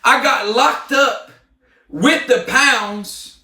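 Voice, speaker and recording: A man in a heated, confrontational livestream rant, often shouting. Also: very high-pitched, drawn-out words, recorded from a distance. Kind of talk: ranting livestream monologue. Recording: roomy, off-mic sound.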